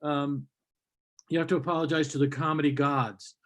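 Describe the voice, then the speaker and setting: A man's voice: fairly high pitch, little pitch movement, normal speed, a bit bright. A man hosting an online comedy show over a video call, teasing the comics with wry banter.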